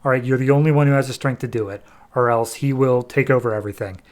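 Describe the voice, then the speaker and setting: A man's voice: mid-range voice, darkish tone, close to an everyday voice. Impatient old wizard mentor, matter-of-fact, put on lightly by a man recapping a comic. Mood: urgent. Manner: matter-of-fact, hurried, offhand. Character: ancient weary male wizard, impatient mentor. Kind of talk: casual retelling of a comic with quoted voices.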